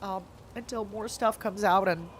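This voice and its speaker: A woman streamer talking in a candid, confiding and halting way as she chats live while gaming. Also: mid-range voice, steady tone, a little hiss or hum.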